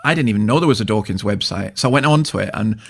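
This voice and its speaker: Rapid-fire and gravelly, his lowish voice slightly rough with lively intonation, the older Scottish guest minister chats through his stories during an informal interview, laughing softly and restarting lines again and again.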